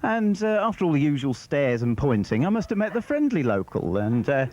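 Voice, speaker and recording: A man doing a stand-up comedy routine, rambling and deadpan, slipping into acted-out voices. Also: fairly high pitch, brisk. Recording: muffled, slightly noisy 1990s TV broadcast. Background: audience laughter.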